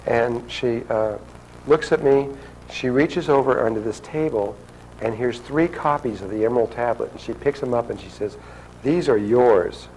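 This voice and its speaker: A man's voice: medium pitch, moderate pace, a little mellow, slight background noise, poor audio. A man telling a long personal story to an audience, rambling and acting out quotes. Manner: rambling, restarts often, acts out quotes.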